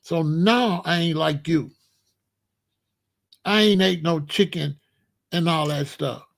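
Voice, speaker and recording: A man in his sixties holds forth in a loose, casual monologue as host of his own show. His voice sits high, and he hammers his points home, repeating himself and stretching out words for emphasis. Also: vocal fry. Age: 60s. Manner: emphatic, repetitive, drawn-out phrasing.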